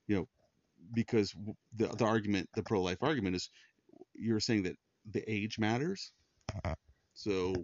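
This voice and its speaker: A man's voice: fairly low pitch, no room sound. A middle-aged man speaking in an earnest personal monologue as a Christian podcast host, often repeating words and restarting when moved. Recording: dull, dry lo-fi sound.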